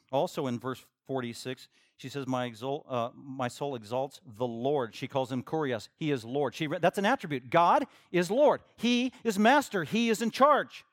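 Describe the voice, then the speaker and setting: A man preaching a verse-by-verse sermon as pastor, shifting from quiet teaching to loud, emphatic bursts. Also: no room sound, studio quality. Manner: acts out imagined listeners in a higher voice. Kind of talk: expository sermon.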